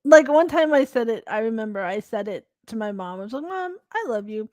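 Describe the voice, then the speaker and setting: A woman co-hosts a podcast in relaxed, rambling chat over a video call, laughing often. Her voice sits a little high. The sound is dry and close. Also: fairly quick, dry recording. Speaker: podcast co-host. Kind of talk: casual chat.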